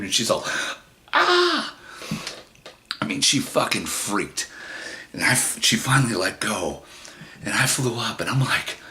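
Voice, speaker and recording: Brief: casual male vlogger, animated and crude, bright timbre, acts out quotes. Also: low voice. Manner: animated, profane, acts out the dialogue. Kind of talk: casual storytelling to camera.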